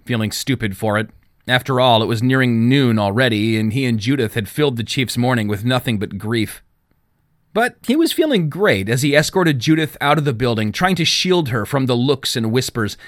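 A man narrating a novel as an audiobook, with expressive storytelling. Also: mid-range voice, no room sound, clean studio sound. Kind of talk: scripted narration.

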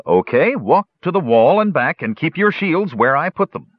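A man's voice: a little high, big pitch swings, moderate pace, no room sound, voice pushed up. A man voicing a jovial male hill dwarf in an audiobook, in a blunt, amused way. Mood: instructing. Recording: dull lo-fi recording.

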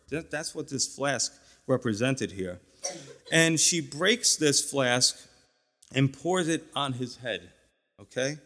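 Male pastor, relaxed teaching sermon with chatty asides, recorded in a reverberant church hall. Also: mid-range voice. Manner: conversational teaching with fillers and asides.

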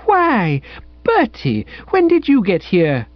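Man doing a young woman, soppy, wide-eyed, high breathy voice, sugary, dull dry recording. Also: wildly swooping pitch, takes it slowly, no room sound, exaggerated voice. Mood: gushing wonder.

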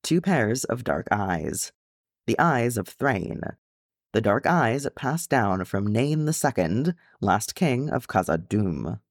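A man with a low voice narrating a fan fiction audiobook. His reading is expressive, with a wide, lively sweep of pitch. The recording is dry and close, with no room sound. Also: takes it slowly, dry recording. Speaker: audiobook reader.

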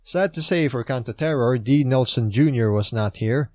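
A man's voice: medium pitch, normal speed, a little mellow, no room sound, clean studio sound. A man talking casually as a podcast host, a chatty and enthusiastic fan full of asides. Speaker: podcast host recapping wrestling shows. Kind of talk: casual monologue recap.

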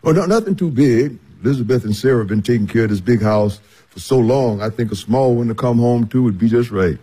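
An actor playing an easygoing older household servant who chuckles often and talks in a folksy way. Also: male voice, medium pitch, brisk, warm tone, husky, natural voice.

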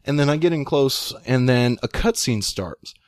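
A young man telling a long story in casual chat, rambling and excitable, with many fillers. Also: medium pitch, moderate pace, smooth, no echo, clean studio sound. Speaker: guest storyteller.

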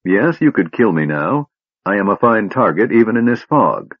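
A man's voice: fairly low pitch, very animated, normal speed, husky, dull audio, exaggerated voice. A man doing a harsh, sarcastic enemy officer. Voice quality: harsh and blaring. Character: cold, cruel male enemy officer, sarcastic.

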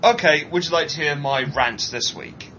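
A man co-hosting a casual chat show, ranting animatedly and mocking people in put-on high voices. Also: moderate pace, pushed and bright, muffled recording, slight background noise. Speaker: podcast co-host.

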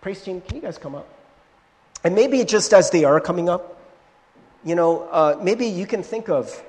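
A man preaching a sermon as pastor, conversational and animated, with frequent "right?" asides and restarts, in a church sanctuary. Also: high voice, moderate pace. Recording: long hall reverb from a church sanctuary.

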